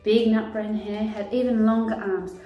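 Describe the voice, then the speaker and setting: A woman childcare educator, reading a picture book aloud to children and pointing out the pictures with an expressive voice. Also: medium pitch, normal speed, muffled recording. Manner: warm, expressive, leading children through pictures. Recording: echoey room, faint music.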